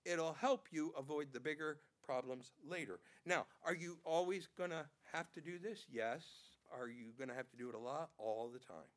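A male pastor delivering a sermon with a notably high voice. He preaches in an animated way, slipping into little voices for the people he quotes and repeating words as he drives his points home. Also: normal speed, hardly any pauses.

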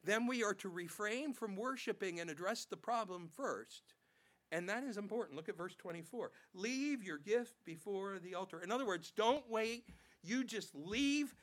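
A male pastor delivering a sermon with a notably high voice. He preaches in an animated way, slipping into little voices for the people he quotes and repeating words as he drives his points home. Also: normal speed.

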